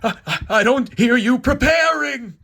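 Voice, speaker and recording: A man putting on a shrill, melodramatic blind God. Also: lively intonation, unhurried, bright, forceful tone, full character voice. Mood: indignant. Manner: high, strained, theatrical outbursts.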